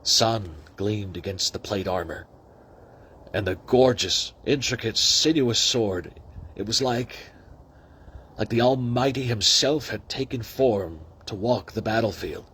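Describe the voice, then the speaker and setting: Guy reading a book out loud, kinda low voice, gets hyped in between. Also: measured pace, slightly rough. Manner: breaks off into excited asides. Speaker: reader. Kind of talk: casual read-aloud of a novel.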